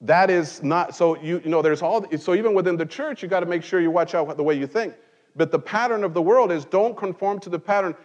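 A man's voice: sits high, a little fast, in a large hall, muffled recording. A man who grew up in Mexico, preaching a conversational sermon from a pulpit in church and mixing in wry jokes. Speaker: pastor.

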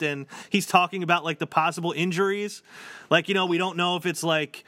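A man's voice: high voice, fairly even intonation, fairly quick, sharp tone, dry recording. A man co-hosting a podcast, talking casually with lots of fillers and restarts. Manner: chatty, many fillers and restarts. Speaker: podcast co-host. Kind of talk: casual chat.

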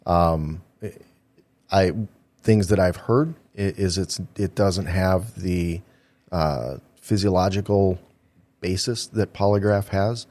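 Very deep-voiced careful male guest. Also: darkish tone. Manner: measured and careful, heavy with ums and uhs. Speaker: polygraph examiner, guest. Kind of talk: casual interview answers.

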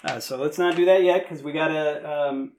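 A man's voice: fairly high pitch, fairly even intonation, slight background noise. Easygoing male game master. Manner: easygoing, halting with fillers while he works out the rules. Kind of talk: casual game narration.

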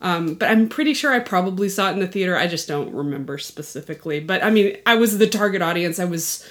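A woman's voice: on the low side, animated, quick pace. Hesitant woman podcast co-host, rambling. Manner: meandering, hesitant with many fillers. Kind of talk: casual chat.

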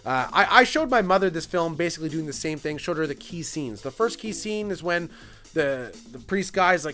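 Male film reviewer, slightly high voice, casual and profane, rambles and jokes through a movie recap over faint music. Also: expressive, fairly quick, fairly bright tone. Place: at a computer clicking through a film.

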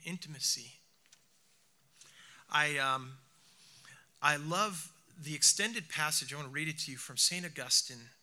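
A man preaching a reflective sermon who slows down and softens his voice for emphasis. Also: a little high. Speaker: speaker.

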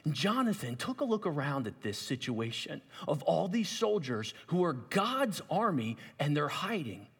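A male preacher telling a story with animated delivery and asides to young listeners. His voice is somewhat husky and sits a touch high for a man, swinging widely in pitch. A long hall reverb surrounds him. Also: normal speed, hardly any pauses. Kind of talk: sermon.

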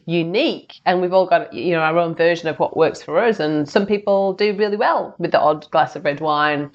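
A woman's voice: fairly low pitch, normal speed. A chatty, enthusiastic woman from England hosting a casual interview, with many fillers. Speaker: podcast host. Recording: slightly dull lo-fi audio.

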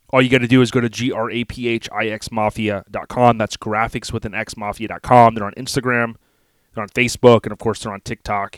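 A man's voice: mid-range voice, clean tone, no echo. Easygoing male podcast co-host, folksy rambling delivery, mid-range voice, dry studio sound. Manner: laid-back, rambling, folksy. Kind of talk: casual podcast chat.

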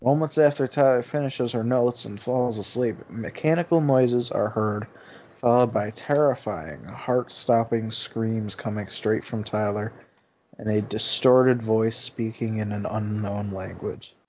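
A man's voice: on the low side, unhurried, dull audio, a little hiss or hum. Casual, swearing male podcast host. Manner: relaxed, swears, laughs often. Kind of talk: casual chat, recapping a movie plot.

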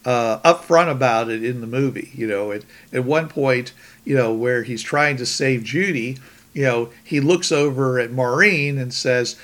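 Male podcast host, mid-pitched, easygoing rambling delivery. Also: unhurried, fairly bright tone. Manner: rambling, many restarts and "you know"s. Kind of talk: casual podcast chat.

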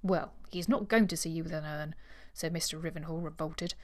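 A woman with a low voice and a slightly fast pace co-hosts a book podcast. Her reading of a novel passage is expressive, with the dialogue acted out, and she follows it with easygoing chat full of ready laughter.

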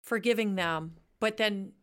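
A woman hosting a faith talk show, speaking in a soft, affirming way with a lot of short agreement. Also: medium pitch, unhurried, clean tone.

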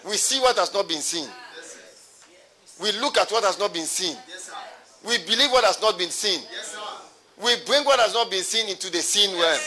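A man's voice: high-pitched, unhurried, bright, forceful tone. A pastor preaching a sermon to his congregation, repeating his phrases and calling for responses.

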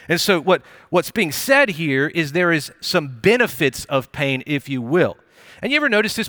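Animated young male pastor preaching. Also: on the high side, no room sound, studio quality. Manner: conversational, animated preaching with playful asides. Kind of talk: sermon. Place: church auditorium.

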